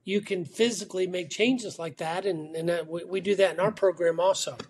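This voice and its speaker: High-voiced talkative man guest. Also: steady tone, fairly quick, a little mellow, a little hiss or hum. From Atlanta, Georgia. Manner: talkative, storytelling with repeated restarts. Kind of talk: casual interview chat. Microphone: remote call.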